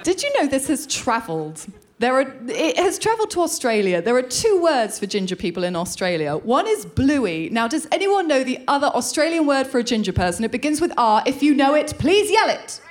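A woman performing a stand-up comedy routine with wry, deadpan asides. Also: high voice, brisk.

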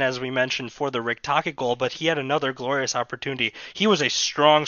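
A man co-hosting a podcast, calmly analysing plays in casual sports chat. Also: on the high side, dry recording, muffled recording. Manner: measured, analytical. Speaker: podcast co-host.

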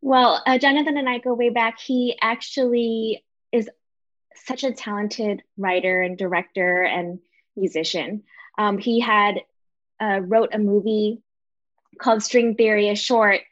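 A woman's voice: mid-range voice, fairly even intonation, unhurried, a bit bright. A woman voice actor chatting enthusiastically on a panel, talking with many fillers. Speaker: voice actor on an after show panel. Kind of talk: casual chat. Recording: dull lo-fi sound.

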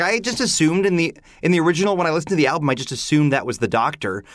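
A man chatting on a musical theatre podcast, animated and opinionated, full of "like" asides. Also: on the high side, no echo. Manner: animated, opinionated, many "like" fillers. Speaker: podcast panelist. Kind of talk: casual chat.

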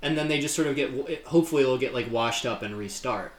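A man from upstate New York co-hosting a podcast in casual chat, rambling and halting with many fillers. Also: medium pitch, reverberant. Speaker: podcast co-host.

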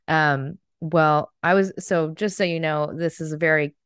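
A woman's voice: sits low, steady tone, slow pace, clear, resonant tone, no echo, clean studio sound. A woman hosting a casual interview podcast, effusive and giggly, with many fillers. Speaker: podcast host.

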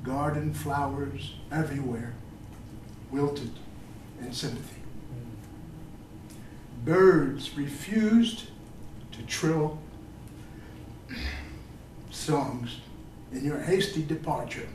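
An older man reads his poetry aloud to an audience, slow and halting between poems and expressive in the recitations. His voice sits a bit high for a man. The sound comes from a distance in a roomy, echoing space. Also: noisy background. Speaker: poet. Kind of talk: poetry reading with chatty asides. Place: reading venue with an audience. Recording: roomy echo, distant mic.

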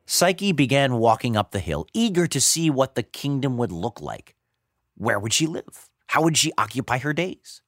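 A man hosting and narrating a story in an expressive, playful manner. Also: medium pitch, moderate pace, no echo, clean studio sound. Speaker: host and narrator.

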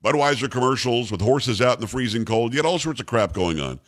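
Man, middle-aged, talk show host, blunt, emphatic, repetitive, lively intonation. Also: mid-range voice, fast. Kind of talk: opinionated monologue on sports news.

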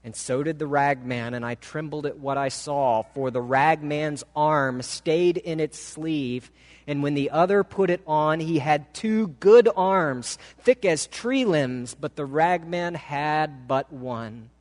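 A man preaching in a church, telling a story slowly and with feeling. His voice sits fairly high for a man, and each phrase is drawn out with deliberate pauses. A long hall reverb hangs on every word. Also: a little mellow. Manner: dramatic, slow, emotive reading. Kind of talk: sermon storytelling. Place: church sanctuary.

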